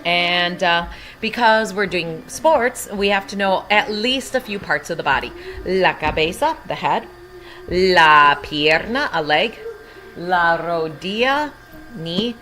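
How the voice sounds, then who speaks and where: A woman's voice: fairly low pitch, lively intonation, unhurried, fairly bright tone. A woman teaching a Spanish lesson from home, patiently explaining each word in English. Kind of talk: recorded language lesson.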